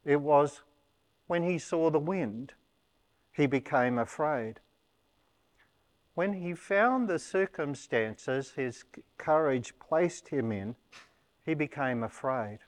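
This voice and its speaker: A man preaching a sermon, explaining a scripture passage in a measured, teaching manner. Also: fairly high pitch, animated.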